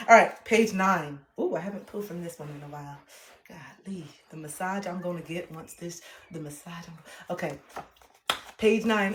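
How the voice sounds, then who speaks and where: A woman's voice: medium pitch, animated, a little hiss or hum. Woman streamer, sassy and playful, mid-range voice, laughs often, reads her own book aloud to chat. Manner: playful and sassy, with frequent laughter and drawn-out self-talk. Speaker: livestreamer and self-help author. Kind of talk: casual livestream chat reading from her book.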